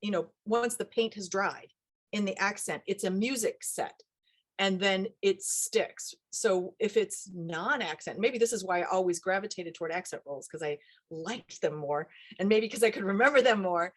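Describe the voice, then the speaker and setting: A woman's voice: mid-range voice, normal speed. A middle-aged woman, an accent coach, chatting in an interview and explaining with acted-out quotes, recorded over a video call. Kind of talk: casual interview chat.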